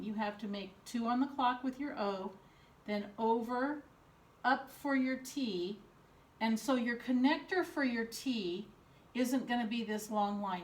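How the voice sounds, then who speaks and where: A woman teacher dictating a spelling lesson to young pupils, slowly sounding out each syllable. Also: on the high side. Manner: slow, deliberate, sounding out syllables. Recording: echoey room.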